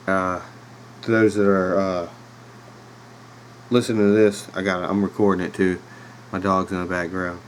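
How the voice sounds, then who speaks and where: In a home room with a dog nearby, a Virginia-accented man in his thirties hosts a podcast and tells a loose, rambling story with lots of fillers and laughs. His voice sits low with little pitch movement, unhurried and pausing often. The recording is low-quality, with a little hiss or hum.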